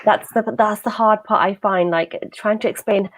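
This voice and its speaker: A woman's voice: medium pitch, steady tone, normal speed. British woman, co-host, reflective, hesitant, casual chat.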